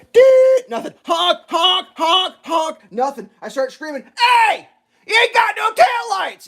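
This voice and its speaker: A man telling a casual story while cooking in a home kitchen, animated and acting out quotes and sounds. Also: on the high side. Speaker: cooking vlogger.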